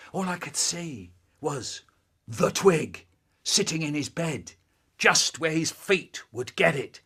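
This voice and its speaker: Man telling a kid story, slow and husky, really bright tone, pitch swooping all over. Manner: expressive, theatrical, acts out voices and whispers. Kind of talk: performed childhood storytelling.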